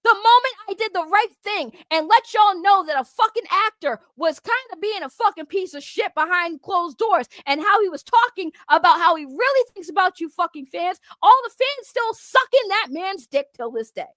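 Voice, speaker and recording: A woman with a very high-pitched voice rants into a close, dry mic. She is profane and confrontational, hammering her points home by repeating them. The delivery is a heated vlog rant. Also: expressive, normal speed, few pauses, a bit bright, no room sound. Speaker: online commentator.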